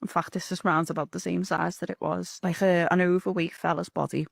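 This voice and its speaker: A woman's voice: on the low side, a little fast, creaky, dry recording, clean studio sound. Swearing Scouse woman telling a story. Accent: Liverpool (Scouse). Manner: animated, swearing, rambling. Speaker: interview guest telling a story. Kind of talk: casual storytelling.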